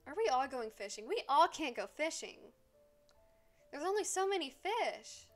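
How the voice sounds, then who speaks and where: Excitable swearing woman streamer. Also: sits high, moderate pace, faint music behind. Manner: excitable, swears a lot, scolds game characters. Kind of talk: casual live gameplay commentary.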